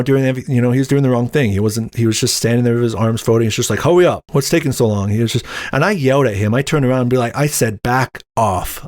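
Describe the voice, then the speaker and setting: A young adult man hosts a solo podcast, telling a personal story in a candid, rambling way with open indignation. His voice sits at an everyday middle pitch. The recording is dry and close, with no room sound. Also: darkish tone, no echo. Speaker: podcast host.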